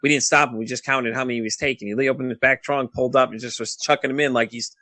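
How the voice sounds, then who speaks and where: A man in his thirties tells his story in a quick, bright, forceful voice, recorded close and dry with no room sound. He swears often and tumbles over his words, restarting sentences as he rushes ahead. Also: mid-range voice, steady tone, dry recording. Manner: rapid, profane, restless recounting with many restarts. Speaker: podcast guest. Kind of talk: casual storytelling.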